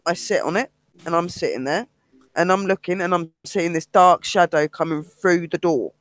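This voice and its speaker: A British man and paranormal investigator, casually telling a ghost story in an animated way and acting out the quotes. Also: high-pitched, normal speed, dry recording.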